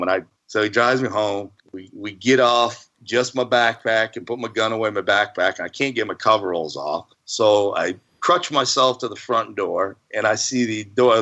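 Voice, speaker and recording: A man's voice: on the low side, bright, forceful tone, highs cut off. A man telling a hunting story in a rambling, folksy way, laughing now and then. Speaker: hunting guest. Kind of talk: casual storytelling.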